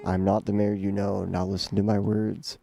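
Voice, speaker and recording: A man's voice: fairly low pitch, level tone, normal speed, gravelly, mellow, highs cut off, faint music behind. A man voicing a solemn, cryptic small cloaked man speaking in riddles. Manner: cryptic, grave.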